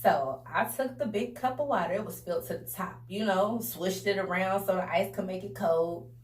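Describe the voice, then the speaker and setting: A young woman telling a casual storytime to her viewers in a chatty, animated way, often calling them y'all. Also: mid-range voice, normal speed. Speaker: vlogger. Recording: roomy echo, a bit distant from the mic.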